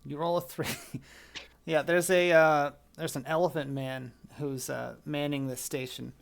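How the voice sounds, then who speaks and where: A man narrating as game master of a tabletop game in a relaxed way, with fillers. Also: a little high, unhurried, gravelly.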